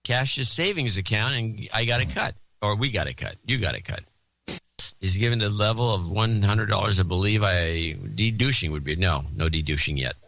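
A man's voice: on the low side, animated, normal speed, creaky, fairly bright tone. A man co-hosting a podcast, reading out donor names in casual banter and joking as he stumbles over foreign names. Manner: jokey, mangles and repeats foreign names. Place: Oakland, California.

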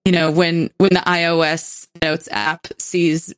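A young woman co-hosts a casual podcast, talking in a slightly low voice with a chatty, sarcastic edge. She laughs easily. The sound is dry and close, with no room around it. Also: level tone, a little slow, smooth, no room sound. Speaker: podcast co-host. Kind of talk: casual chat.

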